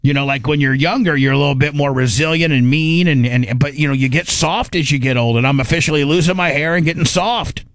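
Animated middle-aged male radio host. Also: fairly high pitch, fairly quick, hardly any pauses, no echo. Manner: animated, rambling, acts out his own inner voice. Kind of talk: casual on-air storytelling.

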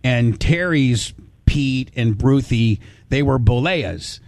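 A man's voice: medium pitch, lively intonation, takes it slowly, darkish tone, no echo. A stammering, reminiscing man host. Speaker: radio show host. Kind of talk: emotional radio phone conversation.

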